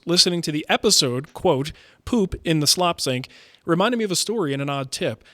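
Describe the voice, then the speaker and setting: A man with a somewhat high voice co-hosts a casual podcast chat. He reads listener emails aloud and breaks in with jokes. The sound is dry and close to the mic. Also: animated, fairly quick, fairly bright tone, no echo. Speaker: podcast co-host.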